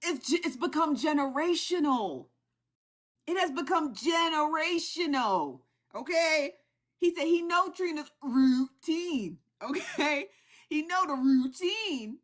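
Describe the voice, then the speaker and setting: A woman hosting a live stream, chatting in an animated, effusive way and tagging lines with "okay?". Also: high-pitched, slow pace. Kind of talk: casual live-stream chat.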